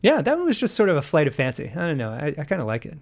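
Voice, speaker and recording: A man's voice: on the high side, wildly swooping pitch, racing, creaky. A man talking about his own piano music in a casual podcast conversation, rambling with many fillers and restarts. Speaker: composer discussing his piano work.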